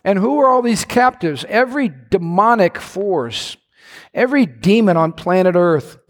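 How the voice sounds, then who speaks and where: Animated high-voiced preacher in a reverberant hall. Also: male voice, normal speed. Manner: animated storytelling with playful asides. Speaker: pastor. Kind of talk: sermon. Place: church sanctuary.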